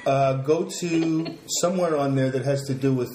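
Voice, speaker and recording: A man's voice: medium pitch, moderate pace, darkish tone, faint music behind. A man chatting casually at home, explaining things in a dry, teasing way. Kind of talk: casual family chat. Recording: echoey room.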